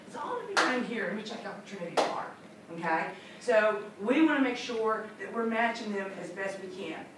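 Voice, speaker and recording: A woman's voice: mid-range voice, expressive, normal speed. A woman trainer leading a classroom training session, upbeat and chatty, acting out little scenes. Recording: echoey room from far off, noisy.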